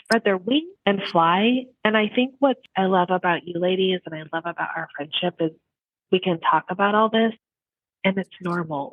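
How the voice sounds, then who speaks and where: A middle-aged woman co-hosting a casual podcast chat, telling lively stories and laughing often. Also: on the low side, no room sound, narrow, tinny audio. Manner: animated storyteller, laughs often. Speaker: podcast co-host.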